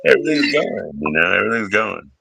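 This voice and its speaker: A man's voice: on the low side, sing-song, quick pace, creaky, sharp tone, husky, dry recording. A man hosting a livestream in casual chat, joking, teasing and swearing freely. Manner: joking, profane, teasing banter. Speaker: livestream host.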